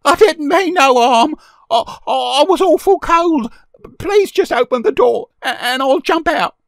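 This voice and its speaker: A frightened ragged street boy, high-pitched and pleading in rough, broken grammar. The voice jumps well above the reader's own, close and dry. He sounds small and scared. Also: very animated, measured pace, a bit bright, no room sound, heavily acted. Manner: sobbing, pleading, rough ungrammatical speech.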